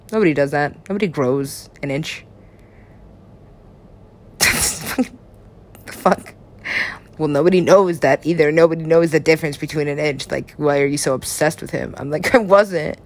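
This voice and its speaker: A woman talking in rambling casual chat, laughing often, swearing freely and swinging her pitch up and down. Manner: rambling, frequent laughter, profane asides, big swings in pitch.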